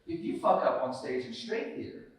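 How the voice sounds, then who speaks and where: A man from the United States speaking as a guest, telling a lively anecdote and acting out the scenes, often laughing. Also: mid-range voice, normal speed. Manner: lively, laughing storyteller who acts out scenes. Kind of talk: storytelling anecdote on stage. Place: large hall at a student society event. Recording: echoey hall, far from the mic.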